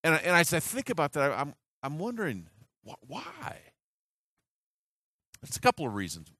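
A man in his sixties preaches through a personal story, earnest and halting, often restarting his sentences. His pitch rises and falls in wide swings as he goes. The sound is dry and close, with no room around it. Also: huge pitch swings, pushed and bright, no room sound. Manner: earnest storytelling with many restarts and acted quotes. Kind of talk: sermon storytelling.

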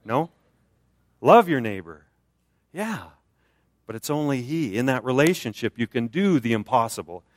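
A man with an American accent preaching a conversational sermon in a church, swinging up high for emphasis and dropping low for quiet points. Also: animated, moderate pace, no echo, clean studio sound. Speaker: guest preacher.

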